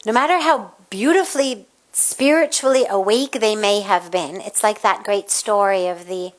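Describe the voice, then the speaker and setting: A woman spiritual teacher giving an evening satsang talk, telling a story in measured, deliberate phrases and acting out the voices in it. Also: medium pitch. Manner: storytelling, acts out quoted voices.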